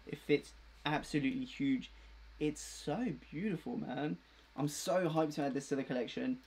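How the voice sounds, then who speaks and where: A man's voice: fairly high pitch, normal speed, gravelly, a little mellow, slightly rough. Laid-back young man unboxing. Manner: laid-back, chatty, rambling with slang. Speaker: fashion vlogger. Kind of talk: casual live unboxing chat.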